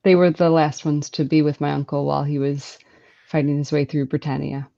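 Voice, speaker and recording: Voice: medium pitch, flat delivery, fairly quick, vocal fry, dark tone. A tabletop player roleplaying their character, speaking hesitantly with fillers. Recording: dull lo-fi audio.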